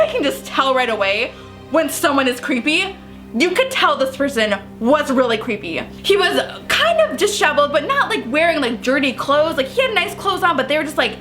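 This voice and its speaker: A woman's voice: sits high, fairly bright tone. A young woman telling a story on her vlog, breathless and laughing as she goes. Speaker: vlogger.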